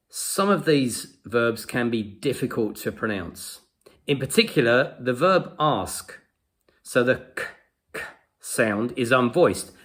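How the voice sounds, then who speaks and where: A man teaching English pronunciation in a patient lesson, saying example sounds slowly and repeating them. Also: mid-range voice, fairly bright tone. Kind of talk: slow explanatory lesson to camera.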